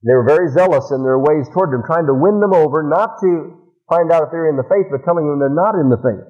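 A man with a fairly high voice preaches to his congregation. He reads the verses slowly and with emphasis, then explains them. The sound is muffled and lo-fi, like an old radio broadcast. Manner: slow emphatic scripture reading. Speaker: pastor. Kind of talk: sermon.

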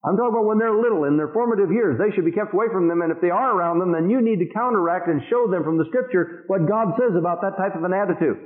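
Middle-aged male preacher, stern and emphatic, higher voice, echoey tinny radio sound. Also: fast, hardly any pauses. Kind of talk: sermon.

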